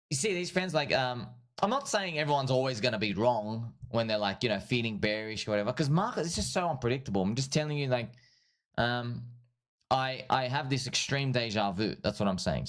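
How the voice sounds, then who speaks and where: An excitable man hosts a casual livestream, talking his viewers through crypto charts. He keeps circling back to the same points, calls the audience friends, and laughs at his own remarks. His voice sits in an ordinary middle range for a man. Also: mid-range voice. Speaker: livestream host and crypto trader.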